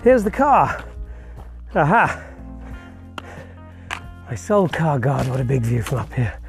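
A man's voice: mid-range voice, big pitch swings, takes it slowly, creaky, soft background music. A man hosting his own podcast while hiking outdoors, a little out of breath, rambling with many fillers and restarts. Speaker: podcast host. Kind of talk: casual walking vlog. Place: outdoors on a hillside hiking path.

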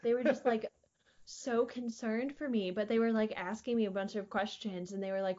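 A woman's voice: a little high, steady tone, moderate pace, a little mellow, dull audio. Young woman telling stories. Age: young adult. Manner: rambling, filler-heavy, laughs often. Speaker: podcast guest. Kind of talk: casual storytelling chat. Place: air-conditioned recording room. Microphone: studio microphone.

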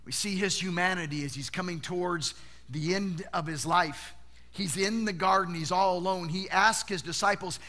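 Preaching with a high voice at a moderate pace, a male pastor keeps his sermon animated and chatty. He frequently poses rhetorical questions and circles back to repeat words.

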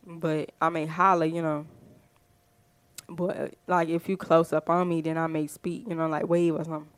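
A woman's voice: deep voice, flat delivery, normal speed, no echo. A woman podcast host, telling a story in a chatty, rambling way with lots of fillers. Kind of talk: casual storytelling.

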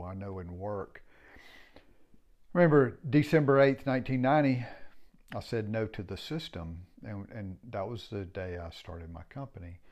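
The owner of a home building company, a middle-aged man, speaks in a low, creaky voice with a darkish tone. His talk is casual, reflective and rambling, frank to the point of occasional swearing.

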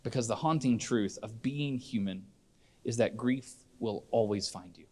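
A man's voice: mid-range voice, moderate pace, a little mellow. A middle-aged man preaching a sermon in church, earnest and conversational, often restarting his sentences. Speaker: pastor.

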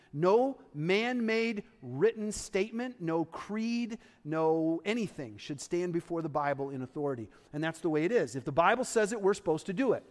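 A man with a notably high speaking voice delivers a sermon, talking to the congregation like a friend while pressing his points home. His words ring out with a long reverb, as if in a large church sanctuary. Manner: conversational, emphatic preaching with asides to the congregation. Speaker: pastor.

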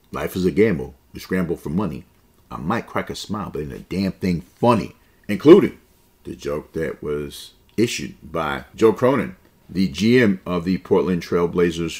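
A man in his forties with a low, deep voice hosts a basketball talk show. He riffs on league news in an opinionated, conversational way and drops slang asides as he goes. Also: a little mellow. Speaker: podcast host. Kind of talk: casual basketball commentary.

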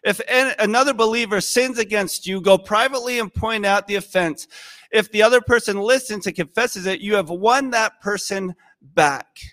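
A male pastor giving a sermon in a conversational, animated storytelling way. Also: high voice, moderate pace.

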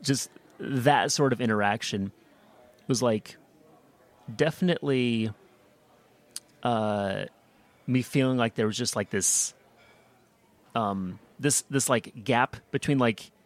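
A man's voice: mid-range voice, takes it slowly, long pauses. A young American man hosting a podcast, chatting casually and rambling with lots of fillers and restarts. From United States. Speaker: podcast host. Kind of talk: casual chat.

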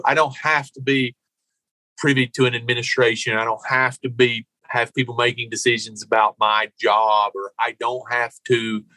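Host: a man with a bright, tense voice, blunt and animated, dry mic. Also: mid-range voice, no echo, low-quality recording. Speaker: podcast host, coach. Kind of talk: podcast conversation.

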